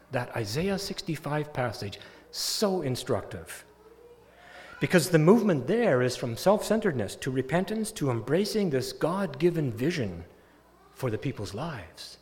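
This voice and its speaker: A man's voice: mid-range voice, normal speed, a little hiss or hum. A man preaching a sermon, telling a story with rising, emphatic peaks. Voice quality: animated, building to loud emphatic peaks. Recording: long hall reverb.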